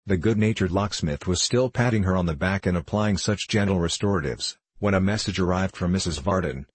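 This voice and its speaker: A man narrating a classic novel as an audiobook reader, measured and wry. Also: low voice, husky, no room sound. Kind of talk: scripted narration.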